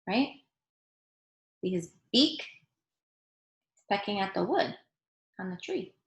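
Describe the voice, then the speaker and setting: A woman teacher reading a picture book aloud to young children over a video call, gently asking them questions as she goes. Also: mid-range voice, animated, slow pace, long pauses. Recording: echoey room.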